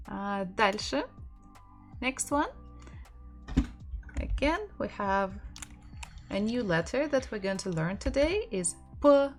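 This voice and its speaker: Woman, language teacher on a live stream; slow, patient letter-by-letter delivery, faint music underneath. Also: on the high side, sing-song. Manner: patient, spells words out letter by letter; reads viewers' chat messages aloud.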